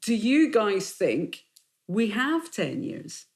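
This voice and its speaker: A woman hosting a casual round-table chat at a kitchen table. She steers the talk with measured questions. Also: mid-range voice, very animated, darkish tone. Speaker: podcast host and TV newsreader.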